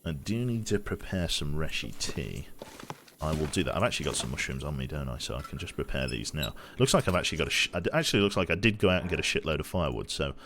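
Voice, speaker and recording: A young man with a Brummie accent chats his way through a survival game stream, rambling and swearing as he goes. His voice sits very low but swings widely in pitch when he gets opinionated. A faint hiss of background noise runs under the recording. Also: sing-song, quick pace. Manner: rambling, opinionated, swears casually, restarts sentences. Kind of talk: casual gameplay commentary.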